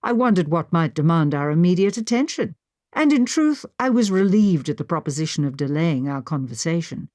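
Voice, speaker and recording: Woman audiobook narrator, first-person period mystery, lively and expressive, low-set voice. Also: fairly quick, no echo, studio quality. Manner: expressive storytelling. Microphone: studio microphone.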